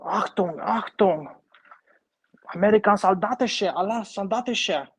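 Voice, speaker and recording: A man's voice: sits high, extremely slow, bright, forceful tone, slightly rough, pitched above the performer's own voice, full character voice. A man putting on a comic German tank soldier who barks orders in mock German during toy play on a live stream. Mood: barking.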